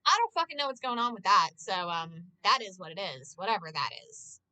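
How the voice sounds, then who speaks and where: A woman's voice: medium pitch, big pitch swings, brisk, pushed and bright, low-quality recording. A young woman streaming, recapping a TV episode in a casual, rambling way, swearing freely and gushing as a fan. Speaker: Twitch streamer.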